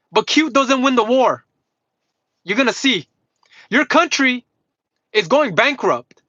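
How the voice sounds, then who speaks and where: Sharp high-voiced man ranting, profane. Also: no room sound. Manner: combative, mocking, swears constantly, repeats himself. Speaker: livestreamer. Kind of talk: heated profane rant to live chat. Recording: dull lo-fi livestream audio.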